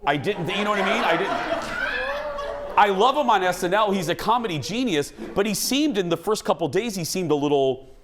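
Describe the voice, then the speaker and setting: Male talk show host, slightly high, very animated pitch, loose rambling delivery. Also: quick pace, hardly any pauses, noisy background. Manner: animated and rambling, with frequent restarts. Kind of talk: casual entertainment news chat.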